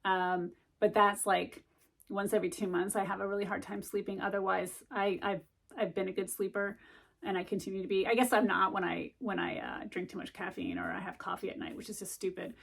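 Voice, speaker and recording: Chatty middle-aged woman with vocal fry. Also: mid-range voice, flat delivery, brisk. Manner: chatty and rambling, many ums and likes. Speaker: vlogger giving study tips. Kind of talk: casual chat to camera.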